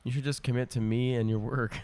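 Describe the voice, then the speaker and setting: A man's voice: medium pitch, flat delivery, fast, darkish tone. A young man co-hosting a casual podcast, teasing his friend, swearing casually and laughing often. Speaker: podcast co-host. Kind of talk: casual chat.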